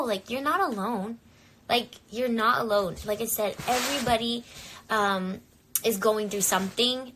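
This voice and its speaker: A woman's voice: fairly high pitch, bright, forceful tone, a little hiss or hum. A young woman talking candidly into her phone on a live stream, rambling and peppering her speech with "like.". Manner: candid and rambling, full of filler "like". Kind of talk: casual live-stream chat.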